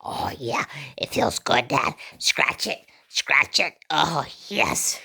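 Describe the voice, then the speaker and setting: A man voicing his pet dog, a contented male dog enjoying a butt scratch, in a low, half-whispered murmur. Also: sing-song, takes it slowly, vocal fry, sharp tone, breathy edge, heavily acted. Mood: blissful.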